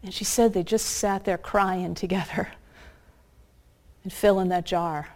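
A woman preaching a sermon, telling a story earnestly and slowing down to stress key points. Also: on the low side, fairly even intonation, a little mellow. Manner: earnest, slows down for emphasis.

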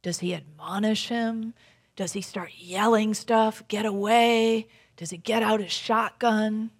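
A woman's voice: medium pitch, steady tone, a little slow, husky. A woman giving a conversational sermon, storytelling and asking the audience questions.

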